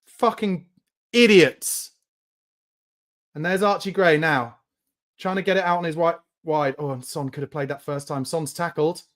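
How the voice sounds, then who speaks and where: A man's voice: on the high side, fairly even intonation, normal speed. Angry swearing man reacting to a match. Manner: angry, swearing, shouts in bursts. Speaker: fan watchalong host. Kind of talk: live match reaction and commentary.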